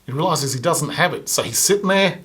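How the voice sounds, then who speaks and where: A man's voice: a little high, expressive, fairly quick, a bit bright. A male comedian telling a long storytelling bit, slipping into raised voices to act out the people in it. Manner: acts out other people's lines with a raised voice. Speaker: stand-up comedian. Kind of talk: storytelling stand-up.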